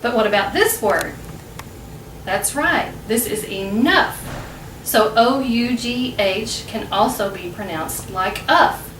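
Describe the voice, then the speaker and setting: A woman with an American accent teaching English pronunciation as host, patiently and clearly, lifting her voice on key words. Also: a little high, animated, takes it slowly, fairly bright tone, roomy sound, recorded from a distance, slight background noise, rough recording. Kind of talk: slow, clear teaching narration.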